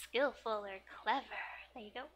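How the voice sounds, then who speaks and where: A woman's voice: moderate pace, a little hiss or hum. A woman teaching Japanese from a manga in a casual, chatty way, giggling often and filling her talk with "like" and "um". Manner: reads manga lines in high excited character voices. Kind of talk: casual manga reading lesson.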